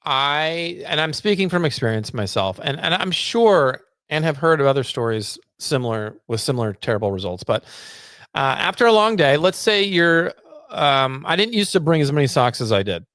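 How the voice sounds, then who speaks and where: Animated man on a dry podcast mic. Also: a little high, moderate pace, no room sound. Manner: animated storytelling, acts out quotes. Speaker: podcast co-host. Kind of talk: casual chat.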